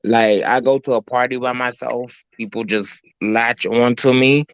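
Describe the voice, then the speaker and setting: A man's voice: medium pitch, steady tone, measured pace, clear, resonant tone, no room sound. A man with a New York accent, a guest chatting casually and rambling with lots of fillers. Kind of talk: casual chat. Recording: dull, dry sound.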